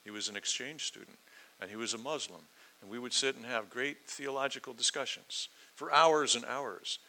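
A man delivers a verse-by-verse sermon in a bright, forceful voice. He is earnest and emphatic, often acting out the questions he quotes and pressing his points with rising intensity. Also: medium pitch, normal speed, gravelly, low-quality recording. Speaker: preacher.

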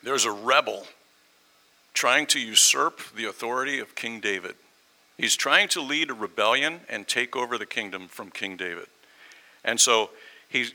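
A man's voice: medium pitch, normal speed, pushed and bright, poor audio. A man preaching a sermon, telling a story and acting out the voices in it. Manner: storytelling, acts out quoted voices.

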